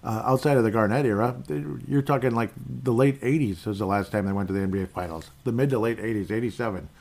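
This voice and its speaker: Man, low voice, casual sports talk, opinionated, rambling. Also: fast, darkish tone. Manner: rambling, opinionated fan commentary. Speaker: podcast host.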